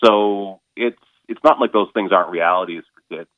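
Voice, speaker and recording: A man with a very low voice talks over a narrow, tinny phone line, and the sound is dry and close. He speaks casually and haltingly, filling his pauses with ums and restarting his sentences as he explains his stage show. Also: no echo. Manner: halting, lots of fillers and restarts. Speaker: stage performer interviewed as a guest.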